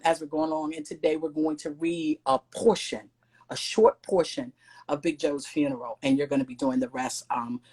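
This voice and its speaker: Woman teacher, upbeat and steady, talking to an online class. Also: on the low side.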